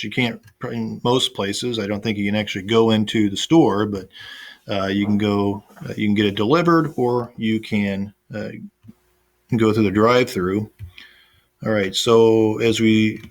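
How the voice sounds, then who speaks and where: A man teaching an online class, talking casually over a screen recording with plenty of fillers and restarts. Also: on the low side. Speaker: instructor.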